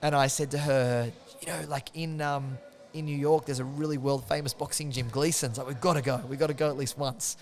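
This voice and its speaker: A man's voice: mid-range voice, fairly even intonation, a little fast, few pauses, darkish tone. A man talks casually as a guest in an interview. He tells his stories animatedly, slipping into the voices of the people he quotes and laughing often. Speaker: interview guest, martial arts coach.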